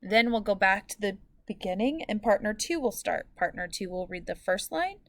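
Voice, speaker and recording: A woman teacher giving a recorded lesson to students, explaining clearly and patiently and drawing out example words. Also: mid-range voice, animated, moderate pace, a bit bright, dry recording.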